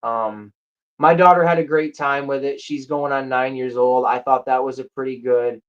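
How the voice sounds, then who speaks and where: Enthusiastic rambling host, casual chat, mid-pitched voice, slightly muffled lo-fi recording. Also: steady tone, normal speed, clean tone. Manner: rambling, enthusiastic, with self-corrections. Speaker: show host reviewing a movie.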